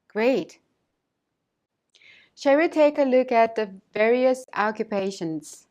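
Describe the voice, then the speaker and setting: Clear, slightly high-voiced woman instructor. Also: animated, a little mellow. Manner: careful, modelling pronunciation with slow repetitions. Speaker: language instructor. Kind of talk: scripted instructional narration.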